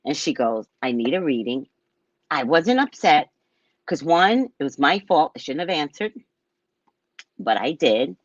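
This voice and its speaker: A woman with a West Indian accent, a psychic hosting her own show, telling stories about her clients in a casual, animated way and acting out their voices. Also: measured pace, long pauses, dry recording, highs cut off. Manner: animated, acts out clients in loud high voices. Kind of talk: casual storytelling monologue.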